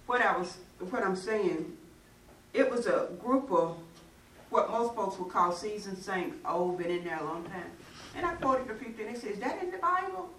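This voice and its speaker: A woman's voice: medium pitch, moderate pace, a bit bright. Woman, earnest, emphatic, folksy, church chat, echoey room, distant mic. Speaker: church discussion participant. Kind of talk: casual faith discussion. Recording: echoey room, mic far off, faint noise.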